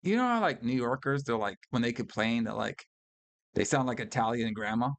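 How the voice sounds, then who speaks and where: A man's voice: medium pitch, animated, fairly quick, vocal fry. A man co-hosting a casual film review podcast, talking loosely with plenty of swearing and laughter. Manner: loose, profane, laughs often, fond of "all right" and "brother". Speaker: podcast co-host.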